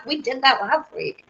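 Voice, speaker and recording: A bubbly young woman chats on a live stream, rambling and reading out viewer comments. Her voice sits fairly high for a woman. The sound is dull and lo-fi. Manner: bubbly, squeals with excitement, rambling. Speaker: live-stream host and singer.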